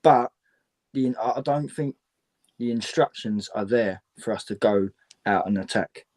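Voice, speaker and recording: A man's voice: mid-range voice, a little slow, darkish tone. A man on a football fan panel, speaking in a frustrated, emphatic way. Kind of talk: casual football fan chat.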